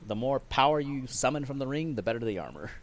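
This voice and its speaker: A man narrating a tabletop game as game master, in a calm, matter-of-fact way. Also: mid-range voice, fast talker.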